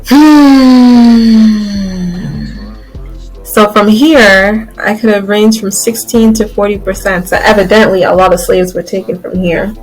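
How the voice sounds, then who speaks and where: A woman's voice: medium pitch, a bit bright. A woman vlogger talking casually to her viewers, chatty and loose, calling them y'all and guys. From Guyana. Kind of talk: casual chat to camera.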